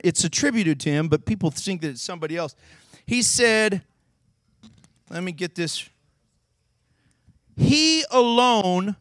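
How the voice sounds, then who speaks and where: High-voiced playful youth preacher. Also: male voice, no echo, studio quality. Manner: playful, goading, shouts coaching cues. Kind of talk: youth sermon with audience games.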